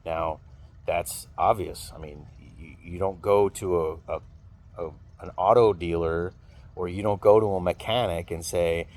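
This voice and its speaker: Deep-voiced man venting casually. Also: steady tone, a little slow, darkish tone. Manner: rambling storytelling, swears freely. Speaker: vlogger venting.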